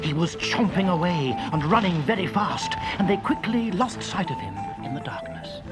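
A narrator reading a children's storybook aloud in a slow, expressive way. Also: medium pitch, over loud music.

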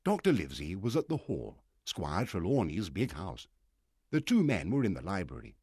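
Low husky guy reading a storybook, super expressive ups and downs. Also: normal speed, dry recording, studio quality. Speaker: audiobook narrator.

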